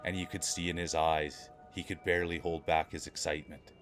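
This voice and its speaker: A man voicing a sultry romance-novel narrator, reading in a slow, hushed, drawn-out way. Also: a bass voice, little pitch movement, faint music behind, voice pushed down.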